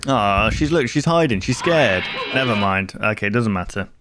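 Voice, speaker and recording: A man's voice: on the low side, animated, normal speed, music in the background. Man rambling through reaction commentary. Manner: rambling, thinking aloud with self-interruptions. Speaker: video reaction host.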